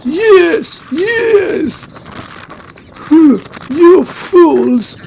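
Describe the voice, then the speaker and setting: A woman doing a huge, boastful goose who bellows threats at everyone nearby. The voice is high and drawn out slowly, full of swagger, with a faint hiss in the background. It is a comic wildlife voice-over. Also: expressive, vocal fry, heavily acted, low-quality recording. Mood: aggressive. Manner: blustering, shouting threats. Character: huge boastful male goose, aggressive guard.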